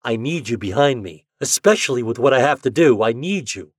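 A man's voice: mid-range voice, expressive, a little fast, husky, no room sound, studio quality, pitched above the performer's own voice. Man voicing a determined young journalist. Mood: urgent. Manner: earnest, insistent.

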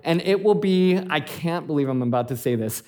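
Animated man preaching a sermon. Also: on the high side, brisk. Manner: animated storytelling, laughing often. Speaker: pastor.

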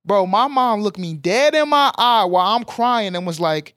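A young man, telling a personal story in an animated, emphatic way on a casual podcast. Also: high-pitched, normal speed, hardly any pauses, dry recording, clean studio sound.

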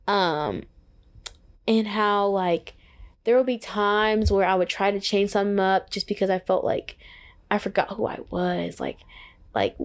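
A woman's voice: medium pitch, measured pace. A young adult woman hosting a podcast, chatting casually and earnestly about her faith and often filling her talk with "like.". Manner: earnest and excitable, heavy use of "like". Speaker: podcast host. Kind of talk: casual faith-based reflection.

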